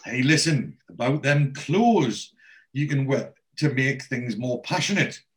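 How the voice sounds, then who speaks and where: A sheepish, football-mad sitcom husband, quoted by a man. His pitch sits in the ordinary middle for a man. He speaks casually, as if retelling the scene to a friend. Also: expressive, a little slow, close to an everyday voice.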